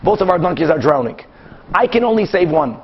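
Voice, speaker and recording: High-voiced animated rabbi teaching Talmud. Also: male voice, husky, muffled recording. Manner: animated, acts out both sides of cases with quick back-and-forth. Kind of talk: Talmud class lecture.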